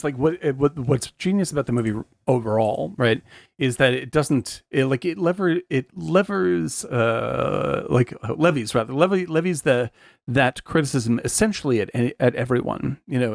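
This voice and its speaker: A man co-hosting a film podcast, thinking out loud with frequent fillers and restarts. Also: mid-range voice, expressive, moderate pace, gravelly, no echo, clean studio sound. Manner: searching for words, many restarts and fillers. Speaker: podcast co-host. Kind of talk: casual film discussion.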